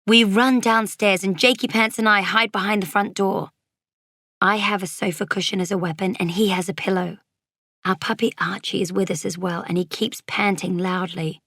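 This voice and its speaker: A woman narrating a children's storybook as a young girl, lively and dropping into whispers for suspense. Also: medium pitch, normal speed, no echo, studio quality. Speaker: audiobook narrator.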